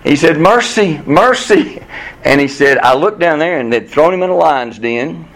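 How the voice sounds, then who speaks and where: A man's voice: on the high side, lively intonation, normal speed, a bit bright, poor audio. A man voicing Mercy, a humble, worn-out figure who apologizes and explains why he is late. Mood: apologetic.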